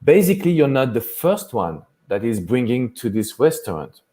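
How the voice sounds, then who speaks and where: French-accented man, mellow low voice. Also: very animated. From France. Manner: halting, restarts phrases, earnest. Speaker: dating coach. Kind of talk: live Q&A chat.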